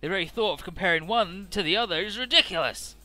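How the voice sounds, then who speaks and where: A man's voice: high voice, fast, bright, forceful tone, pitched above the performer's own voice. A man voicing a boastful old male mad-scientist villain, theatrical and gloating.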